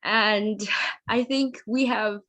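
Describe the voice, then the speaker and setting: Slow, hesitant bride on a call. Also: female voice, mid-range voice, steady tone. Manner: hesitant, many ums, soft laughs. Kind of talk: reading personal wedding vows. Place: at home late at night. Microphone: video call.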